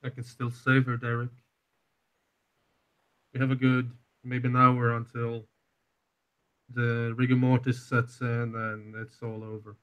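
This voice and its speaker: A man voicing a brooding male vampire who longs to feel human, speaking in a subdued, steady way. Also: medium pitch, unhurried, long pauses, clean tone, natural voice, low-quality recording. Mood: urgent.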